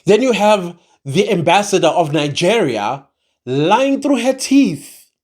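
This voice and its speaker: Slow, animated South African vlogger. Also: medium pitch. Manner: exasperated, switches into Zulu mid-sentence. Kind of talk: opinion commentary to camera.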